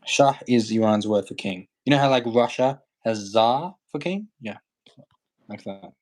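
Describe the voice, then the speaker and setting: A man from Iran joins a casual livestream as a guest, speaking bluntly and jokingly with plenty of fillers. His medium-pitched, darkish voice is expressive and measured in pace.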